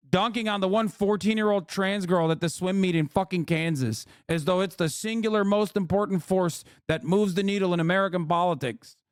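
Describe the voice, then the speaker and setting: Guy streamer going off on politics, high voice, super dry sound, swears a ton. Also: clear, resonant tone, no room sound. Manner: profane, exasperated ranting; mocks others in put-on voices. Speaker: streamer commentator. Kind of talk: heated political livestream commentary.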